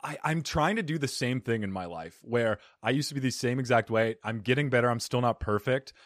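A man hosts a casual podcast chat, excitable and quick to apologize, often breaking into laughter. His voice sits in a middle range. The recording is dry and close, with no room sound. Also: medium pitch, no room sound. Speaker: podcast host.

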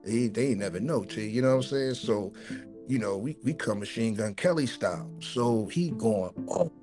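A man, co-hosting a podcast and telling a long story in an animated way, repeating words and swearing freely. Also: medium pitch, moderate pace, music in the background. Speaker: podcast co-host. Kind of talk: casual storytelling chat.

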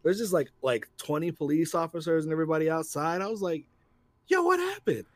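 A man co-hosting a casual podcast chat, telling stories and acting out quotes in loud put-on voices. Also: fairly high pitch, steady tone, fast talker, no echo. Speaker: podcast co-host.

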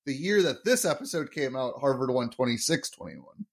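Joking man with a lively voice. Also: medium pitch, normal speed. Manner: joking, laughs often, explains trivia. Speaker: podcast co-host. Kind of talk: casual episode recap chat.

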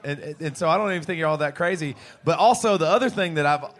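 An American man with a fairly high voice, telling rambling tales at a live pub show. He talks in an animated, laughing way, restarting his sentences as he goes. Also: fast talker. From United States. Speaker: podcast co-host and band singer. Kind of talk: live podcast storytelling to a pub crowd.

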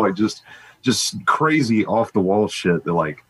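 Very low, husky-voiced man. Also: normal speed, fairly bright tone, rough recording. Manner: hesitant, stammering restarts, candid. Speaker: lyricist in the band. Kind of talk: casual interview chat.

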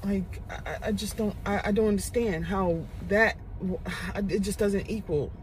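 A woman's voice: medium pitch, normal speed, slight background noise. A woman hosting a podcast talks through her frustration in a candid confession. Her voice sits in a middle range. She restarts her sentences often and sighs between thoughts. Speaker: podcast host.

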